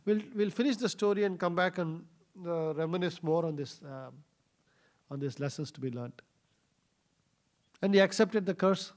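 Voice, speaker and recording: Man, high voice, scripture class storyteller, halting fillers. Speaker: scripture speaker. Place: temple hall.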